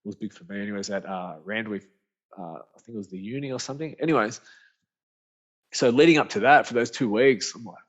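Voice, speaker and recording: A man's voice: lowish voice, quick pace. Rambling Australian man, lo-fi sound. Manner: animated, rambling, slangy with frequent restarts. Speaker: guest, author and speaker. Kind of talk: casual storytelling interview. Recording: dull lo-fi podcast audio.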